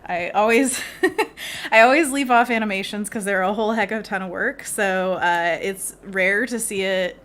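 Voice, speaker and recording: A woman's voice: mid-range voice, fairly bright tone. A woman illustrator hosting a live painting stream, chatty and bubbly, laughing often as she talks through her work. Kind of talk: casual live painting chat.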